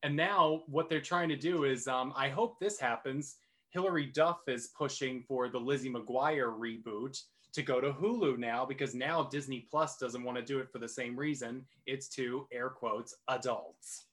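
A man's voice: mid-range voice, normal speed, a bit bright. Enthusiastic man recapping a TV episode. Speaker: podcast co-host. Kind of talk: casual chat.

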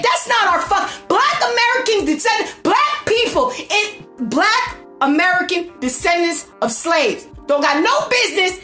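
A woman delivering an impassioned, profane political rant, repeating herself and shouting at times. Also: very high voice, echoey room. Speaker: political commentator.

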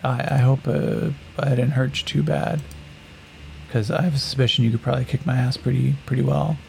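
Give me a wry, cursing augmented fighter, voiced by a man in a low, gravelly voice. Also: steady tone, brisk, darkish tone, slight background noise, poor audio. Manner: casual, self-deprecating, swears. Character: chemically augmented human fighter, wry and weary.

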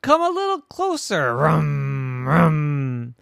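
Old grandma car, a man playing her: tired, rumbling, coaxing, raised and gravelly. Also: huge pitch swings, takes it slowly, a bit bright, no room sound, clean studio sound, exaggerated voice.

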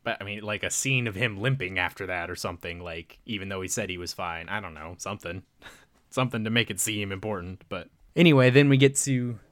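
Podcast co-host, man, lowish voice, dry close mic, chatty recap with lots of "like". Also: dry recording. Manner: rambling, filler-heavy retelling with quick voiced quotes. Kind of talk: casual movie recap chat.

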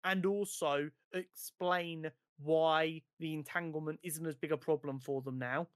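Animated man reviewing films. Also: on the high side, measured pace, clean tone, no echo, clean studio sound. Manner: animated, stumbles and repeats words when excited. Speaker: podcast co-host. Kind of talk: casual film review chat.

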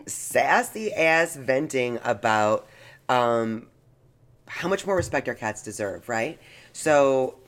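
A woman's voice: rumbling low, expressive, slow. A woman co-hosting a podcast in casual chat, teasing her partner with dry quips. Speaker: podcast co-host.

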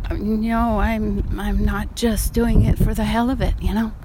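A woman's voice: medium pitch, little pitch movement, takes it slowly, very noisy. A woman painter talking frankly while walking outdoors, sighing and swearing casually, a bit out of breath. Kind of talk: casual vlog monologue.

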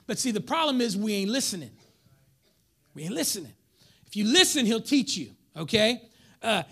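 A man preaching a sermon as pastor, swinging between loud emphatic lines and hushed whispers while acting out members of the congregation. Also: high-pitched.

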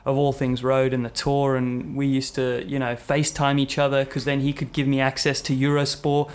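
A man's voice: mid-range voice, completely flat delivery, normal speed. A young man, a podcast guest telling rambling, self-mocking stories with lots of fillers. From South Africa. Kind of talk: casual conversational storytelling.

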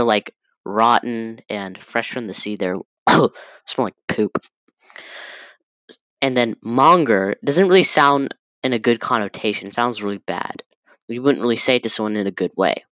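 Low-voiced young man, halting delivery. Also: a bit bright, no room sound, poor audio. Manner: loose and halting, full of fillers and restarts. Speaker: student presenter. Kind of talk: casual classroom presentation.

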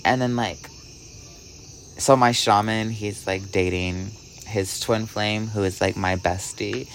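A man vlogging, telling a rambling story with "like" in almost every phrase and swinging between hushed and excited delivery. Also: on the low side, slow, slight background noise. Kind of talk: casual storytelling vlog.

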